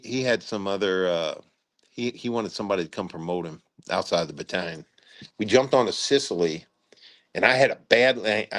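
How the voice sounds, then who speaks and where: In a storytelling interview, an older retired army general with a fairly low-pitched male voice wanders through his tales, often starting over and performing quoted lines at high volume.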